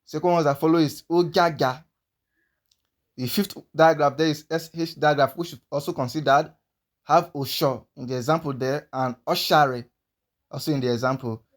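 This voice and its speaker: A man with a somewhat high-pitched voice gives a language lesson. He goes through the sounds one at a time and says each example word slowly, again and again, so it can be heard clearly. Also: fairly even intonation. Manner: slow, repeats each sound several times. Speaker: language teacher.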